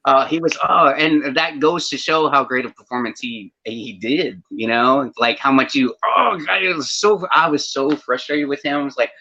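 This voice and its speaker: A man chatting casually as a guest on a livestream panel, excitable and rambling, apologizing for going off track. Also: medium pitch, normal speed, few pauses. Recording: dull lo-fi audio.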